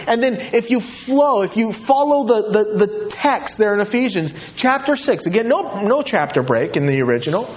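A man preaching a sermon in a high voice, emphatic and animated as he drives his points home. His pitch swings widely from line to line. The recording sounds dull and lo-fi. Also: moderate pace, hardly any pauses. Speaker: pastor.

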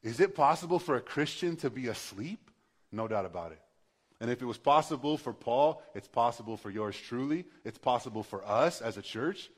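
A man's voice: mid-range voice, animated, normal speed. A male pastor preaching a sermon in a conversational, passionate way, building to emphatic bursts.

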